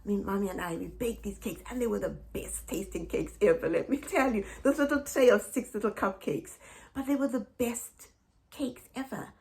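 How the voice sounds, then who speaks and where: A woman's voice: medium pitch, moderate pace, gravelly, a little mellow. A middle-aged woman from Zimbabwe, telling heartfelt family stories to camera, repeating phrases and often laughing or tearing up. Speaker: vlogger. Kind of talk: personal storytelling to camera.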